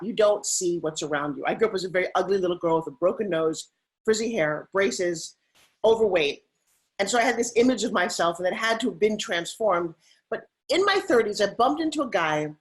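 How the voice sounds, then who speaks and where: A woman in her fifties, a motivational speaker, telling stories in an animated, emphatic way as an interview guest. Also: medium pitch. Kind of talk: interview storytelling.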